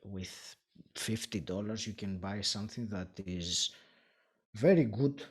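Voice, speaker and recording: A man with a lowish, husky voice answers as a podcast guest. He explains calmly and methodically, pausing with small fillers between points. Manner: explains step by step, pauses with fillers. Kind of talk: conversational interview.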